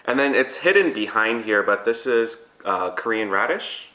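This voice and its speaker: A man's voice: lowish voice, animated, moderate pace, sharp tone, roomy sound, rough recording. A man hosting a casual mukbang vlog, chatty and upbeat, talking over takeout at a table indoors. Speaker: vlog host.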